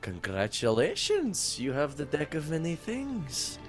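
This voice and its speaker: A man's voice: fairly high pitch, huge pitch swings, a little slow, soft background music. A man playing a tabletop game, trading dry jokes with the table. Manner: joking, dry asides. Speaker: player. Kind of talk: casual tabletop banter.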